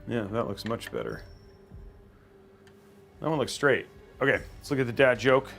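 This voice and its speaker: Animated man thinking aloud mid-build. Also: medium pitch, normal speed, gravelly, faint music behind. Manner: thinking aloud, trailing off and restarting, reading chat. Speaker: PC building livestream host. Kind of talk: casual livestream chat while building a PC.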